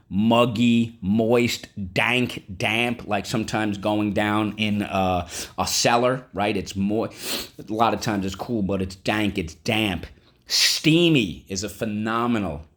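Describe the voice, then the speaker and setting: A man teaching a vocabulary lesson, spelling words out and checking in often with the class. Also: lowish voice. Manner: animated, spells words aloud and checks in with "okay? right?".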